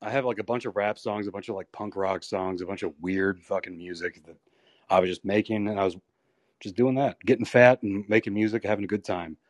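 A lower-pitched man in his thirties tells wrestling stories in a loose, rambling way. He swears freely and acts out the other people in his anecdotes. The recording is dry and close, with no room sound. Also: a little fast, no echo. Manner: rambling, profane, animated retellings. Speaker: pro wrestler guest. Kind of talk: candid storytelling interview.

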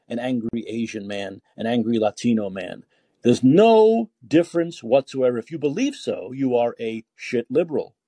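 A man's voice: mid-range voice, warm tone, husky, dry recording. A man hosting a call-in podcast, ranting with indignation and firing off rhetorical questions, often repeating words as he heats up. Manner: repeats words when heated. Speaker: podcast host taking calls.

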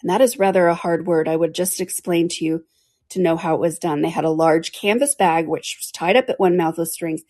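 Brief: woman storyteller, breathy-husky tone, steady read-aloud. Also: lowish voice, brisk. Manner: clears throat now and then. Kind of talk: reading a classic storybook aloud.

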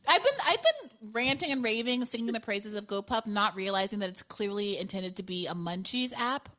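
A woman's voice: medium pitch, lively intonation, normal speed, a bit bright. A woman hosting a podcast in casual political chat, chatty and self-deprecating, laughing often. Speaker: podcast host.

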